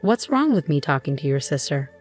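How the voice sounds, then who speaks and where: A woman's voice: deep voice, sing-song, brisk, darkish tone, faint music behind. A woman reading as a resentful, demanding husband. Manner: accusing, dismissive.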